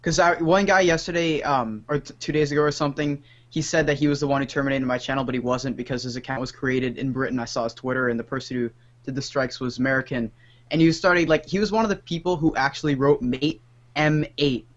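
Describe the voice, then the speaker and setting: A man on a podcast telling a rambling, halting anecdote. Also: medium pitch, fairly even intonation. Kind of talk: casual podcast storytelling. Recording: muffled lo-fi podcast audio.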